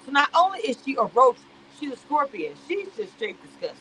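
A woman giving sassy, animated reality-show commentary on a live stream. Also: high-pitched, fairly quick, slight background noise, rough recording.

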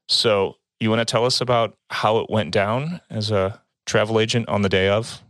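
Deep-voiced male podcast host. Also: moderate pace, fairly bright tone, no room sound, studio quality. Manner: joking, conversational, leads the topic. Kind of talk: casual podcast chat.

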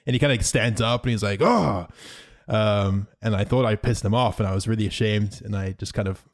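A young man with a fairly low voice, chatting casually on a podcast. He tells his story loosely and easily, with lots of "like" and "uh" along the way. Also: fast. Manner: relaxed storytelling with many fillers and likes. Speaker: YouTuber, podcast guest. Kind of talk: casual chat.

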